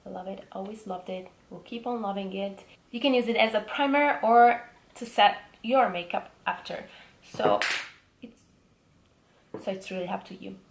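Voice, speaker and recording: A woman's voice: medium pitch, normal speed, creaky, echoey room, slight background noise. A young woman with an Italian accent, chatting enthusiastically about makeup products in a casual beauty vlog, with frequent ums. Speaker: beauty vlogger.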